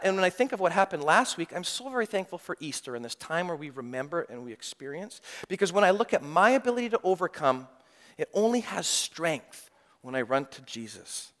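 A middle-aged male pastor preaches a sermon with a somewhat high voice. He moves from loud, lively stretches to hushed, near-quiet admissions. The long reverb of a church sanctuary trails after his words. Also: fairly quick. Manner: swings between loud animated mock-confidence and hushed, quiet confession.

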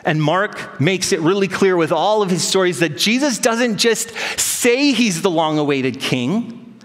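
Man, pastor, sermon, storytelling, animated quotes, higher voice, echoing church hall. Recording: long hall reverb.

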